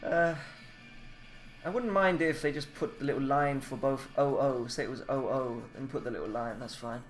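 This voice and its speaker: A man's voice: mid-range voice, moderate pace, soft background music. A man reading pronunciation notes aloud and adding grumbling, casual asides about the spelling. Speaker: self-taught language learner. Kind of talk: reading aloud from a book with personal comments.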